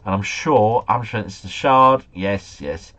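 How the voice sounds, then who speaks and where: A man streaming a guessing game live, thinking aloud and chatting to viewers, his volume rising and falling with excitement. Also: fairly low pitch, unhurried, lo-fi sound. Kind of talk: casual live commentary.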